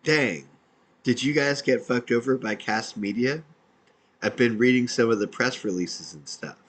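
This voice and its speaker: A man's voice: mid-range voice, a little slow, breathy edge, low-quality recording. A man, an independent podcaster, reading out his own messages in a dry, matter-of-fact way.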